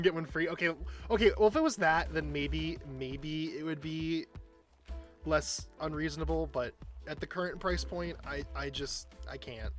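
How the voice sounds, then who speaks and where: A man's voice: fairly high pitch, a bit bright. A man streamer chatting casually while he plays, rambling and self-deprecating. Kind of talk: casual chat while gaming.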